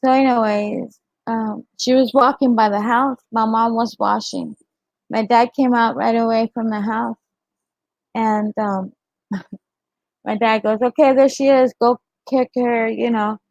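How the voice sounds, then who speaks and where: A woman's voice: fairly high pitch, flat delivery, takes it slowly, vocal fry, pauses often, no room sound, highs cut off. A middle-aged woman chatting on her livestream, telling a story and laughing often. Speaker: livestream host. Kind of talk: casual chat with live viewers.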